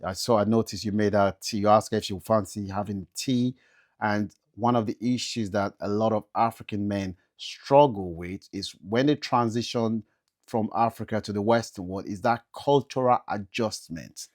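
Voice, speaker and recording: A man's voice: fairly low pitch, normal speed. A man hosting an interview, asking inquisitive questions and laughing easily.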